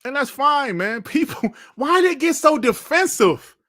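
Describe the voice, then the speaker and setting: A man's voice: extremely high pitch, sing-song, a little slow, pushed and bright, no room sound, clean studio sound. A man giving casual, mocking commentary as a streamer, laughing often and swearing while he reads out and answers comments.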